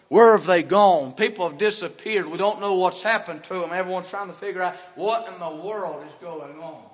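A man preaches a fervent sermon from the pulpit, swinging from hushed warnings to loud, emphatic outbursts. His voice sits a little high for a man. The church sanctuary adds a long, ringing reverb. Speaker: pastor.

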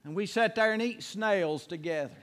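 Preacher, high-pitched male voice, homespun stories building to fervent preaching, reverberant hall. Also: moderate pace, fairly bright tone, a faint crowd. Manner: folksy storytelling, rising to fervent preaching. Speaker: pastor. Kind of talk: sermon.

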